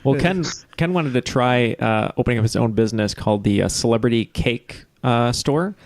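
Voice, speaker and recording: A man's voice: medium pitch, normal speed, no room sound. A man hosting a casual trivia podcast who jokes around and fills his talk with hesitations. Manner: joking, full of "uh" fillers. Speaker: podcast host.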